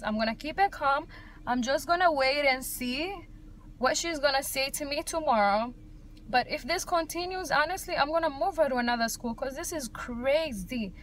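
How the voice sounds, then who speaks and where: Fired-up high-voiced woman venting on a vlog. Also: a bit bright, a little hiss or hum. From Africa. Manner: blunt and heated, swears freely, heavy use of "like". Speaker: vlogger and single mother. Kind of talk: casual vlog rant to viewers.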